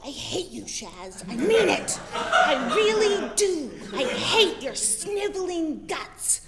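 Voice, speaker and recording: A woman's voice: medium pitch, very animated, takes it slowly, reverberant, crowd noise, pitched below the performer's own voice. A woman putting on the voice of a sneering, sarcastic male talk radio host. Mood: ranting.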